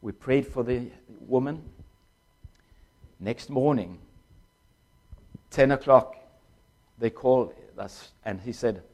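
An older man, a former pastor and missionary, giving a personal testimony in an emotional, halting way, in short phrases. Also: mid-range voice, a little mellow.

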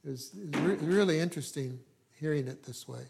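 Man reading scripture, quiet asides. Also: fairly high pitch, brisk, gravelly, slight background noise. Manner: reads scripture with rising emphasis, drops to quiet asides. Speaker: preacher.

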